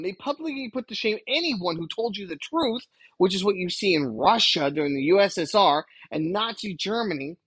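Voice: medium pitch, a bit bright, slightly rough, dry recording, low-quality recording. A podcast host delivering a preachy solo rant, exasperated and emphatic, lecturing the listeners.

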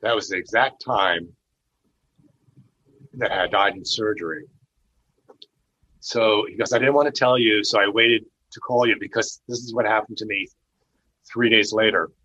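A man tells a story from his own life in a casual, earnest way, often restarting partway through sentences as he gives his testimony. His fairly low voice is forceful and a bit husky, moving at a normal speed with frequent pauses. The recording has a dull, lo-fi sound.

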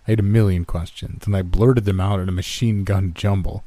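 A man reading a first-person horror story aloud in a slow, measured, hushed manner. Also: deep voice, steady tone. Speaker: narrator. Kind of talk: scripted horror story narration.

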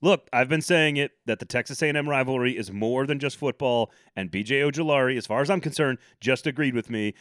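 A man's voice: medium pitch, fairly quick, hardly any pauses, a bit bright, no echo, clean studio sound. Chatty opinionated man hosting sports podcast. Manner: chatty, opinionated, joking asides. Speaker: podcast host. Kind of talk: casual sports talk.

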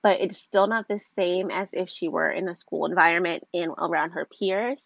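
A woman's voice: fairly low pitch, fairly even intonation, normal speed, vocal fry, dry recording, muffled recording. A young woman talking casually to camera as a mom vlogger, rambling with lots of fillers and a stuffy nose.

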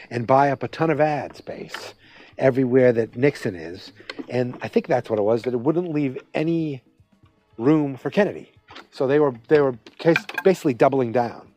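A man with a mid-range, slightly mellow voice hosts a podcast, recapping a television episode. He rambles conversationally, interrupting himself and restarting many times.

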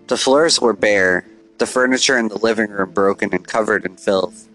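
A man narrating a first-person story in a steady, deliberate reading voice, over faint music. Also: lowish voice, rough recording.

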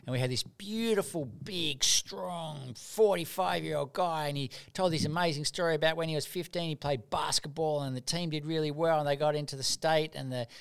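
A man's voice: fairly high pitch, normal speed, vocal fry, few pauses, clean tone. A middle-aged man, a doctor and mentor, telling stories earnestly in a casual interview, often repeating words as he starts.

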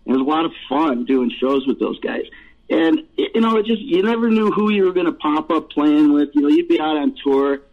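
A man's voice: a little high, animated, brisk. Rambling man on a tinny phone line. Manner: rambling, laughing, profane storyteller. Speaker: musician guest. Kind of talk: casual storytelling interview.

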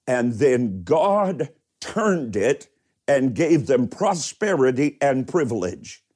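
A male pastor delivers a livestreamed sermon at an unhurried, deliberate pace. His voice is dark and mellow, and he presses hard on key words and drawn-out phrases. He breaks off now and then to greet viewers by name. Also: medium pitch. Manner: emphatic preaching, stretching key words slowly.

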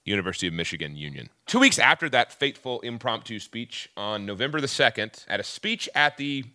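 A man's voice: mid-range voice, big pitch swings, a little fast, bright, forceful tone, dry recording, studio quality. A man with a Southern US accent, chatting on a podcast and retelling history with jokes. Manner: chatty, joking storyteller. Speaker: podcast guest telling history. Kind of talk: casual podcast chat.

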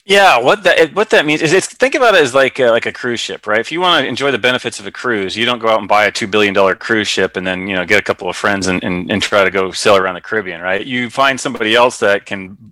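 A man's voice: on the low side, quick pace, hardly any pauses, sharp tone, no room sound. A man guesting on an interview podcast, explaining things through plain analogies with frequent fillers. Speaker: guest, real estate investor. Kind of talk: conversational interview.

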